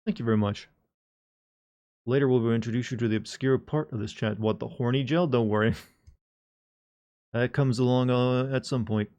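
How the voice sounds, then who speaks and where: A man's voice: mid-range voice, darkish tone. Rambling joking male streamer. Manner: joking, rambling, talks to chat. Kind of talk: casual live-stream chat.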